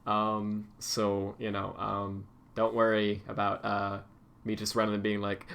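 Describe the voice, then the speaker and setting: A man's voice: fairly low pitch, completely flat delivery, unhurried, vocal fry, fairly bright tone. A man streaming, chatting casually and rambling with lots of fillers and restarts.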